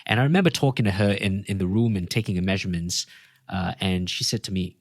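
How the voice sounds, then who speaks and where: Low husky guy, coach on a podcast, tells stories with voices, dry close mic. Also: brisk, dry recording. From Australia. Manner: animated storyteller acting out quotes. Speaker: fitness coach guest. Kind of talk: casual podcast conversation.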